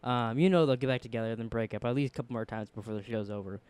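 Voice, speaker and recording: A man's voice: medium pitch, very fast, darkish tone, clear, resonant tone, dry recording. A man recapping a TV episode in casual chat, rambling with fillers and quoting characters in put-on voices. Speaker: show reviewer.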